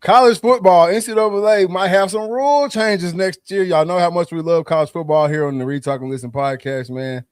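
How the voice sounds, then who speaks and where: A man's voice: sits high, fairly quick, hardly any pauses, clean tone, no room sound. A man from Arkansas, co-hosting a casual podcast and hyping the chat and giveaways. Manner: laid-back, hypes the chat and giveaways. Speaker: podcast co-host.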